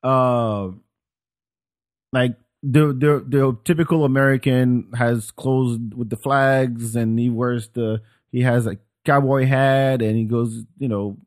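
A man from France with a French accent, hosting a podcast in casual chat, animated and swearing freely, with many restarts. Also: medium pitch, slow. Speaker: podcast host.

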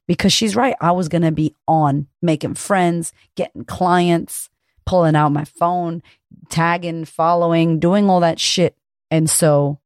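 A woman, a confidence coach hosting her own podcast, talking solo in a high-energy, chatty way and swearing casually. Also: darkish tone, no echo, clean studio sound.

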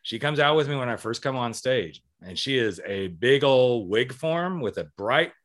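Sassy, theatrical man with a bright voice. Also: medium pitch, lively intonation, moderate pace. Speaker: public speaker. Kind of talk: casual chat.

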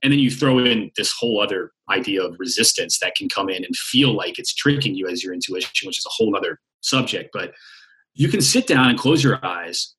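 Animated, joking male podcast guest. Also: lowish voice, fairly quick. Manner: animated, playful, profane. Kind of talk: conversational interview.

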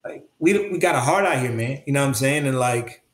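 A man talks earnestly as a guest in an interview, circling back and restarting as he searches for the right words. His voice is mid-pitched. The room around him gives a noticeable echo. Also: expressive, a little fast. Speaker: interview guest, creative artist. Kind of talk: reflective conversational interview. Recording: roomy echo.

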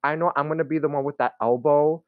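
A man's voice: a little high, fairly even intonation, quick pace, clean tone, dry recording, narrow, tinny audio. A young man in a casual chat, rambling with lots of "like" and "you know". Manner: rambling, many fillers. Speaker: guest.

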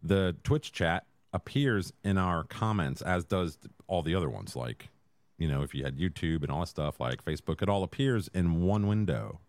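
Deep-voiced man with dry remarks. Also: animated, moderate pace, dry recording. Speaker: podcast co-host. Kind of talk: casual chat.

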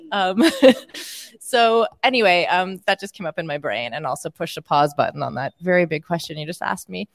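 A Canadian woman in her forties talks casually as a guest, her voice set a little low. She is animated and laughs often, leaning on fillers. The sound is close and dry. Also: moderate pace, vocal fry, dry recording. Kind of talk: casual interview chat.

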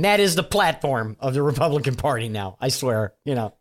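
A man's voice: medium pitch, very animated, fairly quick. A man giving a casual, sardonic monologue of political commentary, rambling with lots of fillers and restarts.

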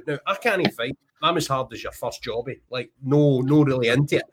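A man's voice: medium pitch, fast talker, few pauses, fairly bright tone, slight background noise. A Scottish man in his thirties, hosting a podcast with chatty, jokey storytelling. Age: 30s. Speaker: podcast host. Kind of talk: casual podcast chat.

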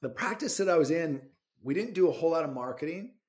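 Dentist guy on a podcast, chatty and informal, kinda high-ish voice. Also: fast talker. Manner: animated, informal, peppered with "man" and "like". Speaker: dentist and interview guest. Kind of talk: casual personal storytelling.

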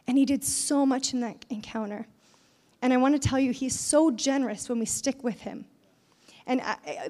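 A young woman giving a conversational sermon, telling a personal story with lively voiced quotes. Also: a little high, in a large hall. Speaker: speaker at a church event.

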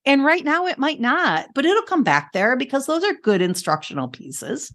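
A woman's voice: sits high, very animated, normal speed, fairly bright tone, dry recording. A middle-aged woman, an educator and podcast co-host, tells a family story in a casual, earnest way and repeats her key phrases for emphasis.

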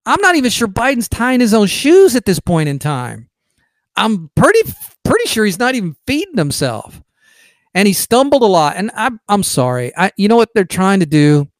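A man's voice: sits high, no echo. A man hosting a political commentary podcast, talking in an emphatic, opinionated and mocking way. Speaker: podcast host.

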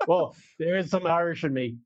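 A man's voice: a little high, normal speed, no echo, muffled recording. A South African man co-hosting a podcast, jokey and playful. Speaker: podcast co-host. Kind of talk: casual podcast banter.

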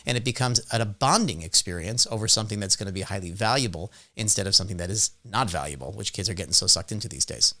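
A male host speaks in a fast, energetic rush. His voice is bright and forceful, and he often cuts in on his guest during a casual interview chat. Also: on the low side. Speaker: podcast host.

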